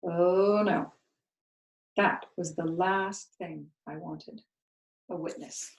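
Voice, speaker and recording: A woman, a school co-founder, reading a novel aloud with expressive, lively storytelling. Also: fairly low pitch, takes it slowly, vocal fry, roomy sound, poor audio. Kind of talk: storybook read-aloud narration.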